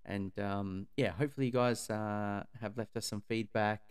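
A man hosting a casual podcast, halting, with many fillers and frequent laughs. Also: on the low side, steady tone, clean tone. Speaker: podcast host.

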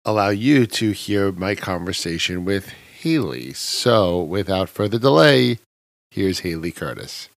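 A man with a New York accent hosting a podcast interview, chatty and animated, with dry humor. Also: on the low side, no echo. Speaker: podcast host.

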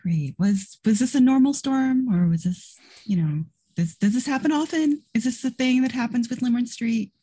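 Casting: player, woman, husky and warm, lively inquisitive delivery. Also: fairly high pitch, normal speed. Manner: inquisitive, many questions. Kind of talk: tabletop role-play.

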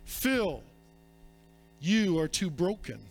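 A man voicing a cold, belittling male devil who whispers accusations in slow, repeated jabs. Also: sing-song, husky, faint music behind, exaggerated voice. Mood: taunting. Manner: slow, low, repetitive jabs of "you".

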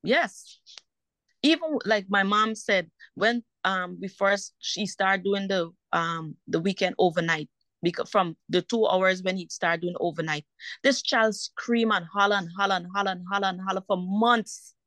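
A woman's voice: mid-range voice, moderate pace, fairly bright tone, dry recording. A woman, a mother caught in a custody dispute, telling her story in a heated, indignant way and repeating herself for emphasis. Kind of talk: emotional personal account.

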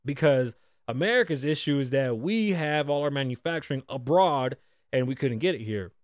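A man's voice: mid-range voice, lively intonation, normal speed, dry recording, clean studio sound. A man in his thirties hosting a casual solo podcast, ranting and joking in a loose, profane way. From United States. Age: 30s. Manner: loose, profane, joking rants with big swings. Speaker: podcast host.

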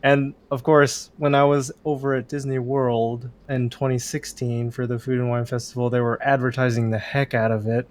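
A man's voice: medium pitch, level tone, normal speed, hardly any pauses. A man talking about a movie he loves in casual chat, enthusiastic and rambling. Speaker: podcast co-host.

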